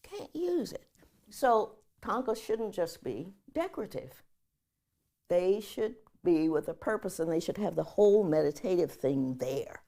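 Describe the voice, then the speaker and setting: A woman professor giving a public lecture, telling stories in a lively way and leading the audience in chanting. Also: fairly low pitch, a little slow.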